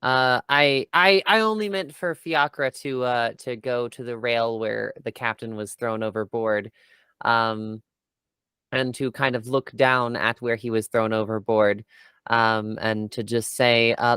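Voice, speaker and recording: A male player at a tabletop game talks slowly and haltingly, with plenty of fillers. His voice is smooth and clear. The sound is close and dry. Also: medium pitch, steady tone, pushed and bright, no room sound. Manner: hesitant, with many fillers.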